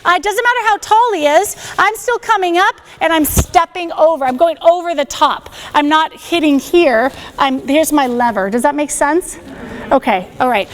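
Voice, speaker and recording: A woman teaching a self-defense class on a body microphone, giving energetic step-by-step commands and checking in with "okay?" after each one. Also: very high-pitched, a little hiss or hum. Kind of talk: classroom instruction. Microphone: wearing a microphone.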